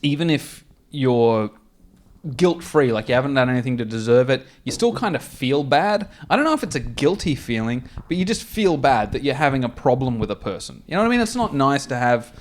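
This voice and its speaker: A man's voice: medium pitch, brisk. A man with an Australian accent telling crude, sweary anecdotes on a comedy podcast. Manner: crude, swearing, animated storyteller. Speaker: podcast co-host. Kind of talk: casual comedy podcast storytelling.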